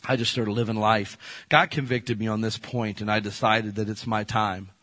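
Husky-voiced pastor preaching a sermon. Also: male voice, fairly low pitch, fairly even intonation, moderate pace. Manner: conversational preaching, emotional swings from loud to soft. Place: church.

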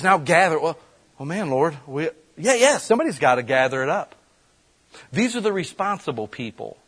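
A man preaching a sermon in a conversational way, breaking into quick acted-out voices. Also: medium pitch, breathy edge. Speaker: pastor.

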